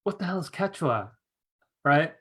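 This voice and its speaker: A man's voice: on the high side, animated, unhurried, a bit bright, husky. A man teaching a live online class in a chatty way, often asking "right?" and laughing as he tells a story. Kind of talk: casual live-stream teaching with a told anecdote.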